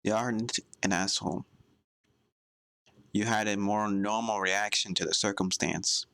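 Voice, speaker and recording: A man voicing an exhausted, tearful young male cartoon character who speaks quietly and apologetically. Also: on the low side, steady tone, a little slow. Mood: weary.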